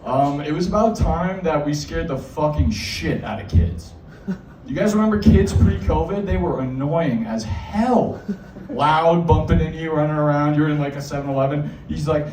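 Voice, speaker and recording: Performing at a small bar, a young comedian from Massachusetts gives a crude, meandering set loaded with fillers. His slightly high voice is expressive and a little mellow, at a normal speed. Recorded from afar in an echoey room, the clip has slight background noise.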